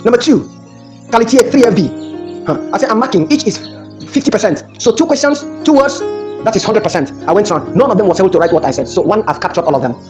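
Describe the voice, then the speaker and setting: Brief: brisk male teacher trainer, emphatic, repeats points, clear music behind. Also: high-pitched, lively intonation. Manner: emphatic, repeats phrases, tells classroom stories. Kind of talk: workshop lecture.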